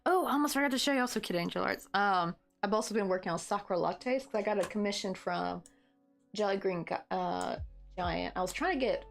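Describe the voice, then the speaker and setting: A woman's voice: mid-range voice, gravelly. A woman in her thirties hosting a crochet livestream, chatting casually in a rambling way with lots of fillers and easy laughs.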